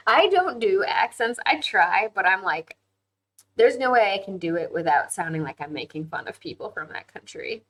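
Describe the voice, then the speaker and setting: A woman's voice: mid-range voice, big pitch swings, normal speed, a bit bright, poor audio. A young woman hosting a casual livestream chat and reading viewer comments, talking freely, laughing easily and often saying "like". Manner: chatty, frequent "like" fillers, laughs easily.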